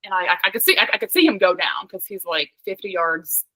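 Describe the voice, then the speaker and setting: Bright-voiced young woman telling a story. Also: mid-range voice, quick pace, dry recording, poor audio. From Pennsylvania. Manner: animated, laughs often, heavy use of "like". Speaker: podcast guest, hunter. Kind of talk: casual storytelling.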